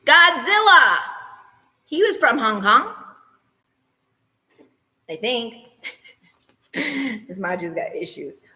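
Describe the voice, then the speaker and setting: A woman's voice: fairly high pitch, sing-song, slow, pauses often, sharp tone, long reverb tail. A woman teacher running a playful morning meeting for children, humming little tunes and teasing herself as she goes. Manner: playful, self-teasing, hums and sings little transition tunes.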